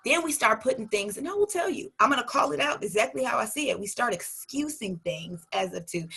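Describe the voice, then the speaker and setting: A woman coach speaks with a bright, forceful edge and a slightly husky grain. Her delivery is emphatic and preacher-like, full of rhetorical questions thrown straight at her listeners. She pitches a touch high. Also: lively intonation, fairly quick, hardly any pauses, soft background music. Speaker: life coach. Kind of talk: motivational talk.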